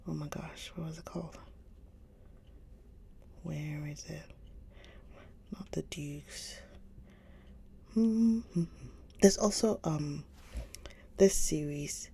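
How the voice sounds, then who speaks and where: A woman hosting a live book stream, chatting casually with viewers, gushing and often slipping into a soft whisper. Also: low voice, fairly even intonation, very slow, gravelly, pauses often, slight background noise. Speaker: livestream book reader host.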